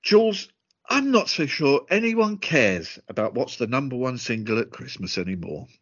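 A man's voice: mid-range voice, very animated, moderate pace, a bit bright, breathy edge, muffled recording. A British man co-hosting a podcast and running a quiz, jovial and teasing. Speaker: podcast co-host, quizmaster. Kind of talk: casual chat.

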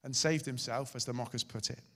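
Male pastor, sermon, dramatic swings from forceful to hushed, long hall reverb. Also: medium pitch, fairly quick. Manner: dramatic, shifting loud and soft.

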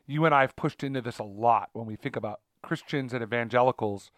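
A man's voice: medium pitch, fast, dry recording, studio quality. A man co-hosting a casual talk show about faith, rambling with many fillers and restarts. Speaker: podcast co-host.

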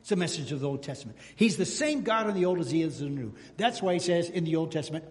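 Pastor, man, high-pitched voice, lively preaching style, big reverberant sanctuary. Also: quick pace, few pauses. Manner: animated preaching, calls out to the congregation. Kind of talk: sermon. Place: church sanctuary.

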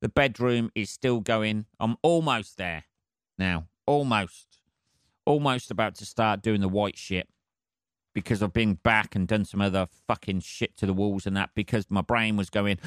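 A man's voice: on the low side, unhurried, no echo, studio quality. A man hosting a solo podcast, rambling casually with heavy swearing and laughing at his own jokes. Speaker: podcast host.

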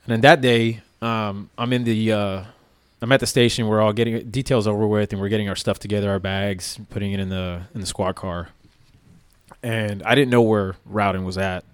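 This former police officer, a man with a lowish, smooth voice, tells a story at normal speed. He sounds relaxed and rambles, dropping in plenty of fillers, and the recording has no echo.

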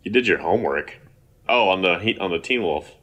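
A man's voice: low-pitched, expressive, a little fast, a bit bright. A man co-hosting a podcast, joking around and swearing casually. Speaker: podcast co-host. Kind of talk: casual chat.

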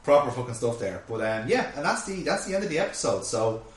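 A man's voice: medium pitch, very animated, fast talker, far from the mic. A man hosting a podcast, recapping an episode in casual chat, rambling with lots of fillers and restarts. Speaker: podcast host. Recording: echoey room, set back from mic.

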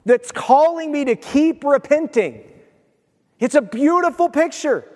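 High-voiced man preaching in a reverberant hall. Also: expressive, measured pace, darkish tone. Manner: emphatic, conversational preaching with asides. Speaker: pastor. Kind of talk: sermon.

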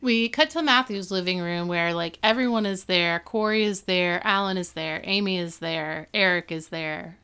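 A woman co-hosting a podcast, recapping a TV episode in casual chat, telling it with animated storytelling and groans of disgust. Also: on the low side, normal speed, hardly any pauses, clear, resonant tone. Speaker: podcast co-host.

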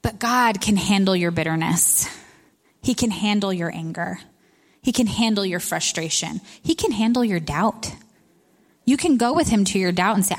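A woman in her thirties speaks at a women's retreat. Her sermon is candid and conversational, and she laughs at herself as she goes. Her voice sits at an ordinary middle pitch for a woman. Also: lively intonation, moderate pace.

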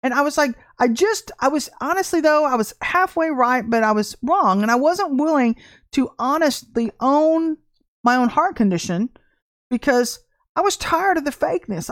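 High-voiced woman preaching a lively testimony. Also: no echo, studio quality. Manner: animated storytelling with laughs and acted quotes. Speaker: livestream minister. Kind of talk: informal testimony sermon.

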